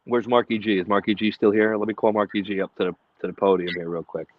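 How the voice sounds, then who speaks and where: In phone-quality sound with a little hiss or hum, a man with a lowish, steady voice speaks at a quick pace. This brash co-host of a casual podcast swears constantly as he spins stories, raising his voice to act out quotes.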